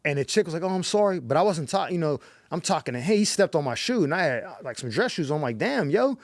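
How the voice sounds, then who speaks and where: A man from Pittsburgh, a comedian telling a story on a talk show in an animated, profane, slang-heavy way. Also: fairly high pitch, fast talker, no echo, clean studio sound. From Pittsburgh, USA. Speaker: comedian guest. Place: studio.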